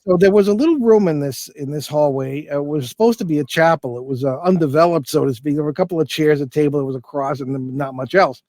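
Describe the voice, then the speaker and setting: A man's voice: a little high, fast talker, few pauses, darkish tone, dry recording. An older man, a guest in an interview, telling a long anecdote in a loose, rambling way with many restarts and fillers. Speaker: guest, paranormal investigator. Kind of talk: casual storytelling interview.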